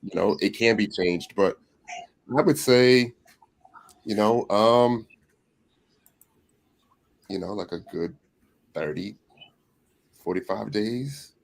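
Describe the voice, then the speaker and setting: A man speaking as a guest on a panel show, laid-back and relaxed, often saying "you know.". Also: fairly low pitch, takes it slowly, gravelly, pauses often, poor audio. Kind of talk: casual panel chat.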